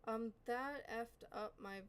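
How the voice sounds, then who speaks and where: A woman's voice: a little high, slow, slight background noise, poor audio. A woman hosting a reaction video, chatting casually and often apologizing and correcting herself as she reads on-screen text aloud. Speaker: reaction channel host.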